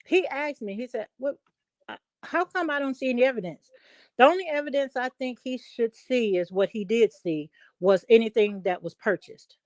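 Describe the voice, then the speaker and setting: A middle-aged woman on a call-in talk show, telling a story at length in an emphatic, animated way. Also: on the high side, moderate pace, dry recording. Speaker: guest. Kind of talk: casual chat.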